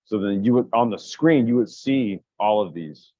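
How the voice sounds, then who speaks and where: Male co-host, lowish voice, rambling casual talk, dry and slightly muffled sound. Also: expressive, normal speed, mellow, dry recording. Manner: rambling, frequent restarts and profanity. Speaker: podcast co-host. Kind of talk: casual brainstorming chat.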